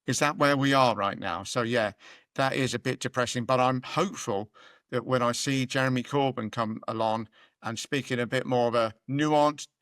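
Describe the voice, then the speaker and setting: A man's voice: medium pitch, fairly even intonation, moderate pace, a bit bright, no room sound, studio quality. A British man co-hosting a podcast, chatting casually about politics in a rambling way with fillers and restarts. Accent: British English. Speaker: podcast co-host.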